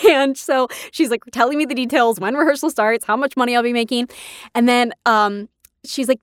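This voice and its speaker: A woman's voice: a little high, fairly even intonation, fairly quick, dry recording, clean studio sound. A woman, a podcast host telling personal stories in a chatty, emotional way, often laughing. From California. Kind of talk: personal storytelling.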